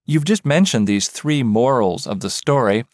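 A male interviewer puts his questions in a measured, prepared way. His voice is lively, swinging up and down, and the sound is dry and close. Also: mid-range voice, dry recording.

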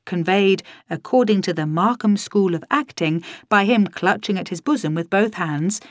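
A woman narrating a story in the first person, in a wry, lively storytelling manner, close to the mic. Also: lowish voice, dry recording.

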